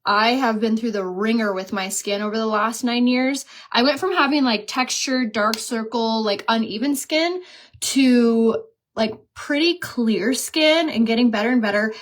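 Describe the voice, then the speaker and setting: A woman's voice: on the high side, a little slow. Chatty woman in her thirties, getting-ready vlog. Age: 30s. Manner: chatty, self-mocking, storytelling, laughs at herself. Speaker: beauty vlogger. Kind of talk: casual chat while doing makeup.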